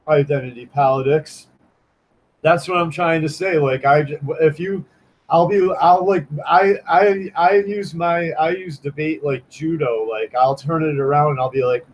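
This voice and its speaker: A man's voice: on the high side, unhurried, muffled recording, a little hiss or hum. Rambling, cursing man on a livestream. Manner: rambling, profane, with many restarts and fillers. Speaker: livestreaming comic artist. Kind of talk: casual livestream chat.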